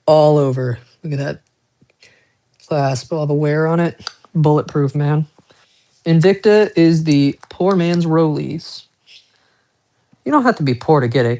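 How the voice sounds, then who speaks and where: A man's voice: fairly high pitch, a little mellow. A man who collects watches, talking casually on a live stream in a rambling, profane, self-mocking way, with chatty asides to viewers.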